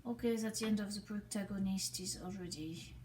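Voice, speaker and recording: A woman vlogging alone, talking softly and hesitantly and often dropping into a whisper. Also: mid-range voice, a little fast. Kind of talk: improvised solo vlog. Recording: echoey room, distant mic, faint noise.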